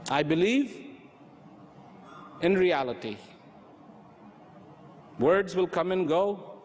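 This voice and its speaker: A man giving an inspirational talk on inner peace, slow and reflective, repeating phrases for emphasis. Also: sits high, animated, slight background noise. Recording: hall reverb with faint ambience.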